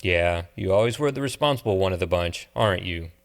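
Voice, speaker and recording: A man's voice: low-pitched, lively intonation, a little fast, vocal fry. A man reading a playful young man who fakes a redneck country drawl for fun. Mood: casual.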